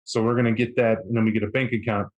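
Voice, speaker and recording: A man's voice: lowish voice, flat delivery, quick pace, highs cut off, pitched below the performer's own voice, natural voice. A man voicing a proud, pompous male vampire in a tabletop game who declares his own importance. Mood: explaining.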